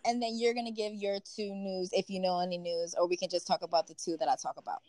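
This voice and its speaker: A woman co-hosting a casual podcast chat, animated and slangy, at times reading news aloud. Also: fairly low pitch, fast, dry recording, poor audio. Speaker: podcast co-host.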